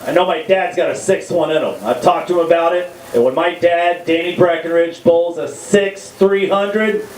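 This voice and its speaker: A man's voice: on the high side, normal speed, darkish tone, reverberant, far from the mic, low-quality recording. A man doing a crude, rambling, self-mocking stand-up set into a stage mic at a live comedy venue. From Texas.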